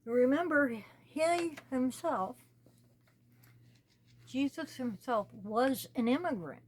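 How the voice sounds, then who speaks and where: A woman from the United States, talking slowly and earnestly as host of her own small channel, pleading with her listeners. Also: high-pitched, expressive. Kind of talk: personal spoken commentary.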